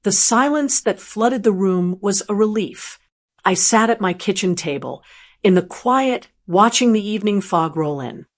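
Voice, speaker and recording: A woman narrating a scripted first-person story in a gentle, earnest storytelling manner. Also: medium pitch, lively intonation, unhurried.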